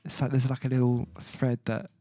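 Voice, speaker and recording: A man's voice: mid-range voice, completely flat delivery, moderate pace, warm tone, no room sound. A man hosting his own music livestream, chatting casually and reading viewer comments aloud, hesitant with many fillers as he sounds out foreign words. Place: at home, indoors.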